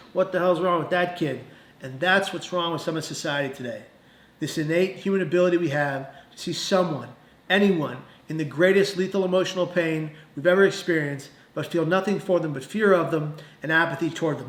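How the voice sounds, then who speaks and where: Male mental health speaker, emphatic personal testimony, higher-pitched, recorded in a reverberant room. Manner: earnest, emphatic storytelling with dramatic pauses.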